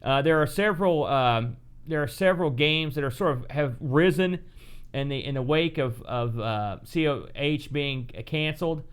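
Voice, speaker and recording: A man's voice: a little high, moderate pace, smooth. A middle-aged man co-hosting a casual retro gaming chat, rambling and correcting himself as he talks. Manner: rambling, self-correcting, chatty. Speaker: podcast co-host.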